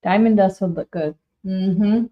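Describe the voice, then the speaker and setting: Over dull audio, a woman with a mid-range voice and measured pace runs a live do-it-yourself painting demonstration from her shop. She's chatty and upbeat, addressing viewers directly by name in this casual crafting session.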